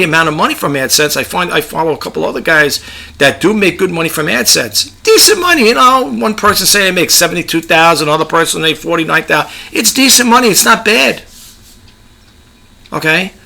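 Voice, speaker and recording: Gravelly-voiced New Yorker giving rambling advice. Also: male voice, high voice, expressive, fairly quick, pushed and bright. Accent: New York. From New York. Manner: rambling, chatty, repeats himself. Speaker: YouTube creator. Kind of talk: casual advice monologue.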